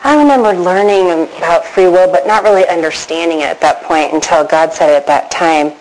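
A woman telling her own story to an audience, earnest and emotional, acting out her past thoughts with big rises in pitch. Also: brisk, a little mellow, rough recording. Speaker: storyteller recounting a near-death experience. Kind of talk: personal testimony to an audience.

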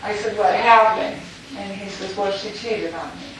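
A woman's voice: mid-range voice, moderate pace. A middle-aged woman speaking candidly and emotionally about her near-death experience, telling a personal story with laughter. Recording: very echoey, distant mic with noise.

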